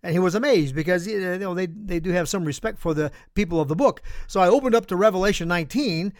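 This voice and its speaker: High-voiced animated male preacher. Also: fast talker, few pauses, dry recording, studio quality. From United States. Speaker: pastor. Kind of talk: sermon with storytelling.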